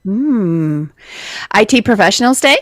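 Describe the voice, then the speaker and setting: A woman's voice: mid-range voice, expressive, a little slow, no room sound. A middle-aged woman co-hosting morning radio, chatting and reading lists conversationally in a studio. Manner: conversational, reads lists, trails off. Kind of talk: casual radio chat. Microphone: studio mic.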